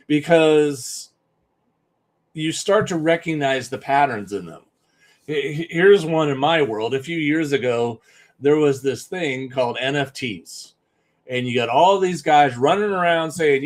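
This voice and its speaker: Business coach guy on a live stream, bit of a higher voice, hammers points home. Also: unhurried, long pauses. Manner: emphatic, repetitive, conversational.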